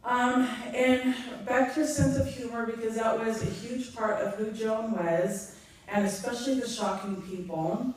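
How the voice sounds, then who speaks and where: A middle-aged woman giving a funeral eulogy, halting and heartfelt, with frequent ums. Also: a little high, steady tone. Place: large echoey hall. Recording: echoey hall from far off.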